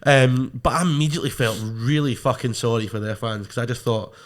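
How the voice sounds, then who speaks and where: A young man with a Scottish accent talks at a brisk, quick pace in a loose chat. He is blunt and emphatic, leaning hard on curse words. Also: mid-range voice. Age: young adult. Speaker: podcast co-host. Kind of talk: casual chat.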